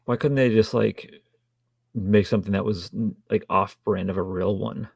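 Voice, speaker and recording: A man co-hosting a podcast, chatting casually about a film with dry, wry humor and frequent halting restarts. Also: fairly low pitch, steady tone, gravelly, darkish tone, breathy edge, no room sound. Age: adult with a child. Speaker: podcast co-host. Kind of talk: casual film review chat.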